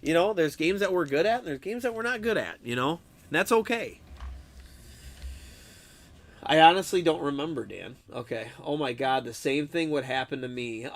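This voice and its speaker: A young man streaming, chatting casually with his viewers, excitable, swearing a lot and laughing often. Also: fairly high pitch, normal speed. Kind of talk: casual live-stream chat about a game.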